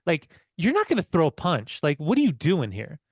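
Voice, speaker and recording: Casting: excitable male podcast co-host, slightly high voice, dry close mic. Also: normal speed, slightly rough, no room sound. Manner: excitable, swears, laughs while telling stories. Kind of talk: casual football chat.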